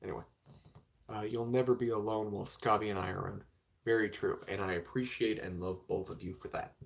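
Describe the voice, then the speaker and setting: A man's voice: fairly low pitch, fairly even intonation, brisk, creaky. A young man chatting casually on a live stream about comic books, rambling and filling with 'like' and 'you know'. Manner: rambling, heavy with filler words.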